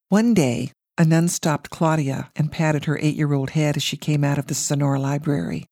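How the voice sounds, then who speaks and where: A woman reads her family story aloud with wry, measured storytelling. Her voice is low for a woman, recorded close and completely dry. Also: fairly even intonation, mellow, no room sound. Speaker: narrator, reading her family memoir. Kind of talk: storytelling narration.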